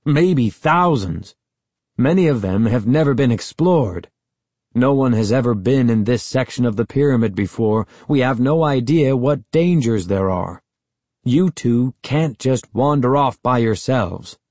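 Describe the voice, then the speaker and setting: A man's voice: medium pitch, lively intonation, moderate pace, no echo, close to an everyday voice. A man voicing an angry, worried middle-aged uncle who scolds through gritted teeth. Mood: stern.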